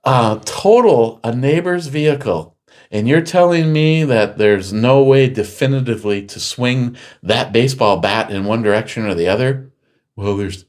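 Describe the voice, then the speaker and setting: A middle-aged man hosting a casual chat show, rambling through stories and loudly acting out what people said. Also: mid-range voice, lively intonation, normal speed. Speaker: podcast host.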